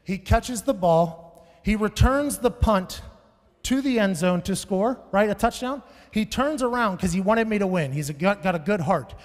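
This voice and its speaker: A man in his thirties doing a stand-up comedy set, telling stories loudly with profane, shouted bursts. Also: sits high, lively intonation, normal speed. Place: large venue on stage. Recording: live hall with long reverb.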